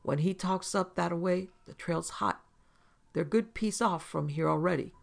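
A man voicing a hearty mountain hunter, proud of his hounds and speaking in lively backwoods dialect. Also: sits high, moderate pace, vocal fry.

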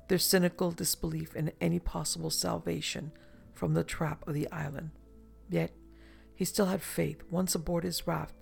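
A narrator reading a romantic adventure novel aloud in measured, even storytelling. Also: mid-range voice, vocal fry, slightly rough. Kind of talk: audiobook narration.

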